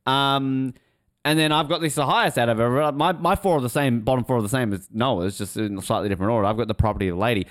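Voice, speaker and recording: A man's voice: medium pitch, quick pace, no echo, clean studio sound. A man co-hosting a podcast in casual chat, rambling and interrupting himself, laughing often. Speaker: podcast co-host.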